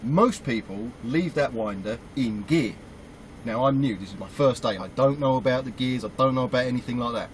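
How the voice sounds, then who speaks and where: A British man, a truck driver, telling a story about his work in a casual, animated way and acting out his own reactions. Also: mid-range voice, normal speed, a little hiss or hum, poor audio. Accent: British English. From United Kingdom.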